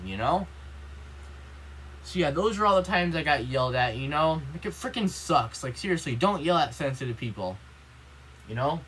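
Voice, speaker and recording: A man's voice: on the high side, lively intonation, normal speed, long pauses, a bit bright, a little hiss or hum, rough recording. A young man vlogging an earnest, rambling rant, with constant "you know" and "like" fillers. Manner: earnest and upset. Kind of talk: casual rant to camera.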